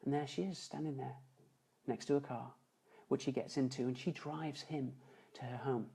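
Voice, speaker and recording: Earnest male motivational speaker, mellow tone. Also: medium pitch, steady tone, gravelly, husky, rough recording. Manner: earnest and emotional, slowing for emphasis, quieter at key moments. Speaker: motivational speaker and seminar founder. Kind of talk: motivational storytelling on a live stream. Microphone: phone or webcam on a live stream.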